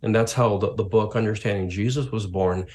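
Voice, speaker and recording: A lowish voice moving a little fast belongs to a middle-aged Canadian man, a pastor who also writes books. As an interview guest, he spins lively stories and voices the characters he quotes.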